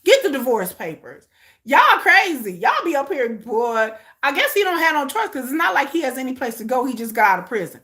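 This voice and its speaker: Lively high-voiced blunt woman. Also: fairly quick, few pauses. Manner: blunt, profane, emphatic; animated, repeats phrases for punch. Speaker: host of a live watch-along. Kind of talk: casual reaction commentary.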